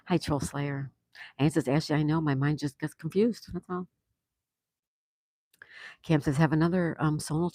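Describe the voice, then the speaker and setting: A woman's voice: sits low, a little mellow, dry recording. Chatty lady host on a livestream, reads comments out, says hi to everyone by name, dry close sound. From Florida. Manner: chatty, greets viewers by name. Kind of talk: casual chat reading viewer comments.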